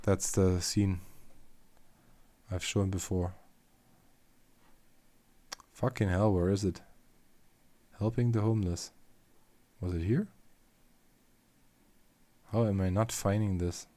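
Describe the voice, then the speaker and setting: Low-voiced man with a German accent. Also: steady tone, slow, long pauses, mellow, no room sound. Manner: loose and rambling, swears casually. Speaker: machinima creator streaming. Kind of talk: casual livestream chat.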